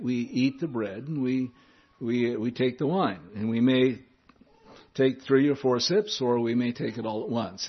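A man giving informal Bible teaching in a conversational way, repeating key words and adding chuckling asides. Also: mid-range voice. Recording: dull lo-fi recording.

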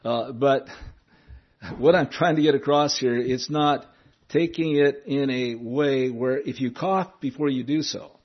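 Male Bible teacher, relaxed conversational delivery with chuckles, average pitch, lo-fi capture. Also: measured pace. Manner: conversational, chuckling asides, repeats key words. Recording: dull lo-fi recording.

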